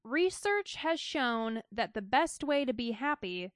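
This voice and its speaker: A woman's voice: a little high, sing-song, slow pace, no room sound. A woman co-hosting a casual skeptic podcast, teasing with dry humor and reading items aloud. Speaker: podcast co-host.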